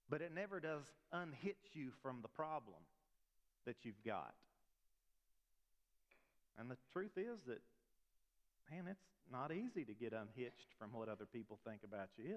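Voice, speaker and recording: Pastor preaching in a reverberant hall. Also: male voice, mid-range voice. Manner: conversational preaching, frequent rhetorical questions. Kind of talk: sermon. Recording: long reverb of a large hall.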